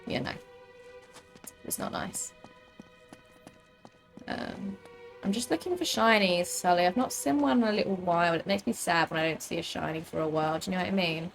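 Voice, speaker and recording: A woman's voice: fairly low pitch, normal speed, vocal fry, pauses often, soft background music. A young British woman streaming a game, chatting casually and rambling with lots of fillers. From United Kingdom. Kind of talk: casual gaming chat.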